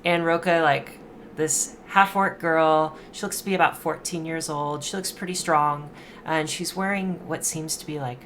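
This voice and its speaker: Halting low-voiced woman game master. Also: fairly even intonation, fairly bright tone, slight background noise. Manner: halting, searching for words with many fillers. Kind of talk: narrating a tabletop game.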